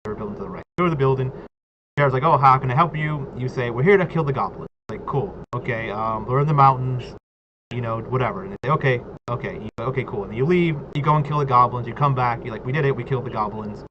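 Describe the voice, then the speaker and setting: A man's voice: medium pitch, fast. A man in casual chat about tabletop role-play, rambling and filling his talk with "like" and "right?". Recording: dull lo-fi audio with clear background noise.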